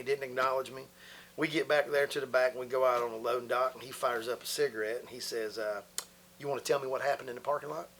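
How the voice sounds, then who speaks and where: A man's voice: medium pitch, bright, forceful tone. A man, telling a story from his youth in a folksy, casual way. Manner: folksy, drawling, quotes others in his own voice.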